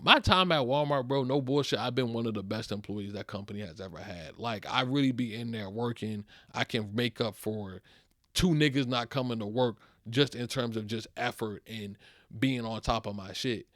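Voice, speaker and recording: A young man hosting a podcast tells a story as a loose, animated rant, full of slang and swearing. His voice sits at an ordinary middle pitch and is recorded dry and close, with no room sound. He sounds worn out. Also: normal speed, no echo. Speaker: podcast host. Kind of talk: casual storytelling monologue.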